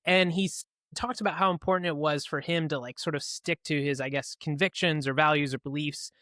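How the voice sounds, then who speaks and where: Chatty podcast host, higher male voice. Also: fairly even intonation, a little fast, pushed and bright, dry recording, studio quality. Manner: conversational, asks long rambling questions. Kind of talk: interview questions.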